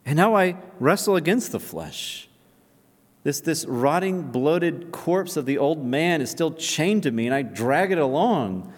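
Male preacher, higher voice, fervent delivery from loud to hushed, reverberant church hall. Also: animated, unhurried. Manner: impassioned, swelling loud and high then dropping to a near whisper. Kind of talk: sermon. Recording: long reverb of a large hall.

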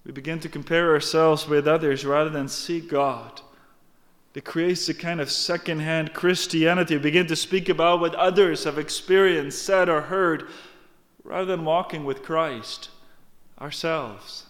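Male preacher, emphatic sermon delivery, slightly high voice, long hall reverb. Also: fairly even intonation, a little slow, fairly bright tone. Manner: emphatic, earnest, addresses congregation directly.

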